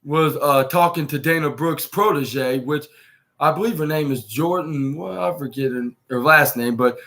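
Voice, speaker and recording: A man with a voice a little on the high side talks through a recap as a podcast host. He rambles casually, stumbles over names and keeps restarting his sentences before landing on the point. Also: moderate pace, fairly bright tone. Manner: rambling, with frequent restarts and self-corrections. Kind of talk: casual recap of a wrestling show.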